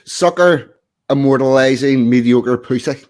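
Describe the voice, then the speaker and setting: A man's voice: mid-range voice, a little slow, darkish tone. A man co-hosting a casual stream chat, explaining things with a dry, joking manner. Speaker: stream co-host.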